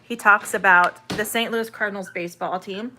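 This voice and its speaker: A woman's voice: mid-range voice, steady tone, moderate pace, sharp tone, soft background music. A woman, an online English teacher, chatting through a live-stream Q&A, reading viewer comments aloud and carefully sounding out vowels.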